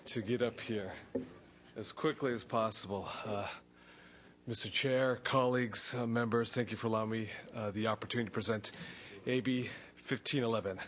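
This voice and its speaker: A man's voice: fairly low pitch, fairly even intonation, normal speed, a bit bright. A man presenting a bill to a legislative committee, out of breath and earnest, with frequent fillers and restarts. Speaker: state assemblyman presenting a bill. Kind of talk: formal legislative testimony. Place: legislative committee hearing room.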